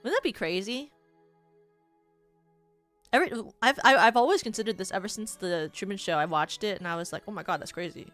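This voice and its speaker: A woman's voice: mid-range voice, expressive, brisk, long pauses, a bit bright, faint music behind. A woman VTuber streamer chatting casually, spinning rambling hypotheticals with lots of "like" and frequent giggles. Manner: giggly, rambling, heavy use of "like".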